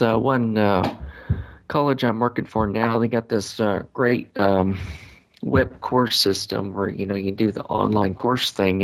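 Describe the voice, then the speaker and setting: Low-voiced male caller, hesitant, full of uhs. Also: creaky, low-quality recording. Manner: hesitant, many fillers. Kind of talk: casual call-in chat.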